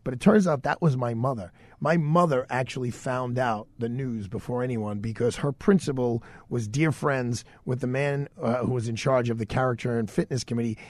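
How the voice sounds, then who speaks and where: A middle-aged radio host spins a personal story, jumping into the voices of the people in it. His voice sits at an ordinary pitch and sounds close and dry, with no room around it. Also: dry recording.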